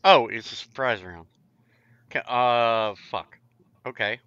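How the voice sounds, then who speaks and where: A man's voice: medium pitch, takes it slowly, fairly bright tone, clear, resonant tone, no room sound. A man playing a tabletop role-playing game, hesitating and thinking aloud about his move. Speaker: player. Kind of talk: casual tabletop game play. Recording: dull lo-fi sound.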